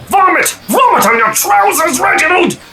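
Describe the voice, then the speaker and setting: A man voicing a frantic male guru who shrieks high-pitched commands. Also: very animated, moderate pace, gravelly, bright, forceful tone, raised voice, faint music behind, exaggerated voice. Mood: frantic urging. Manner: screeching, commanding. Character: shrill frantic male guru shouting at Reginald.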